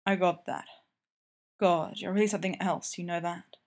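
A woman voicing a calm, dominant young man who speaks low, steady and reassuring. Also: normal speed, close to an everyday voice. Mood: admiring.

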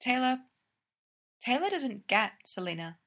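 A woman narrating a story aloud with an expressive, lively delivery. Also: a little high, measured pace. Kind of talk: story reading.

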